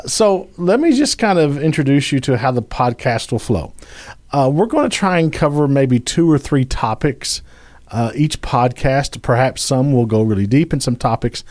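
A man co-hosting a podcast, jokey and halting, laughing easily between thoughts. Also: mid-range voice, lively intonation, darkish tone. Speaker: podcast co-host. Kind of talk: casual chat.

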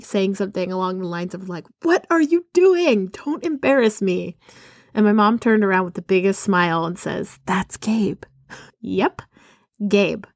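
A woman's voice: medium pitch, darkish tone, dry recording, studio quality. A woman from Arizona hosting a podcast, telling a personal story in a chatty way and laughing often between sentences. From Arizona, USA. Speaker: podcast host.

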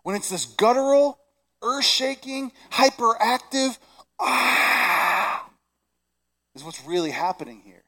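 A middle-aged man preaching a Christmas sermon, animated and shouting excited lines. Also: extremely high pitch, slow. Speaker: pastor. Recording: long reverb of a large hall.

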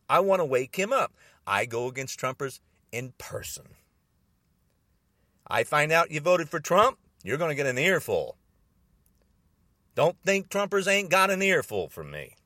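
A man ranting angrily about politics to the camera, repeating himself and bursting into loud emphasis. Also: a little high, no room sound, studio quality. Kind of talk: angry political rant to camera.

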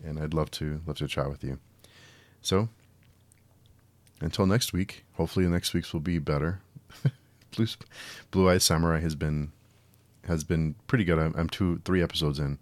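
Male podcast host, very low voice, casual exasperated film talk. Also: steady tone, moderate pace, dry recording. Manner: conversational, frequent restarts, exasperated. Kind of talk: solo film review podcast.

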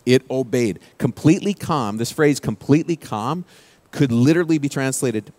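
A male pastor preaching a sermon in a conversational way, dropping his voice low and quiet for key quoted phrases. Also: lively intonation, normal speed.

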